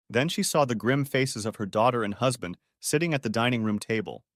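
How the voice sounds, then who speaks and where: Expressive male audiobook narrator. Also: mid-range voice, brisk, dry recording, clean studio sound. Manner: expressive storytelling. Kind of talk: dramatic story reading.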